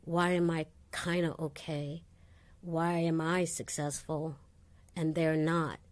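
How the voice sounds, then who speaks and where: A woman, a guest in an interview, telling her life story in a lively way and acting out the voices of people she quotes. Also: low voice, takes it slowly. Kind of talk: candid interview conversation.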